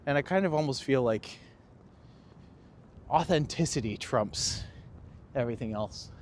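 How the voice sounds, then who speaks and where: Strolling outdoors through the city on a live stream, this Canadian man, a tour guide, talks in a lively, self-mocking way. He keeps a medium pitch and a measured pace, and his handheld phone picks up passing traffic.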